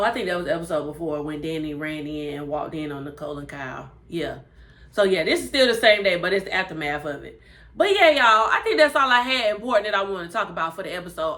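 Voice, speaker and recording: Woman reviewer, animated and chatty, acts out lines while recapping an episode. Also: on the low side, brisk. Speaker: TV show reviewer.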